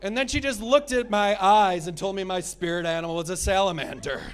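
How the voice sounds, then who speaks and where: A young man performs a stand-up set with a sarcastic, crude delivery and plenty of profanity. His voice sits a little higher than most men's. He mocks the crowd with bite. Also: a little fast. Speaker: stand-up comedian. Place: comedy show in a gym.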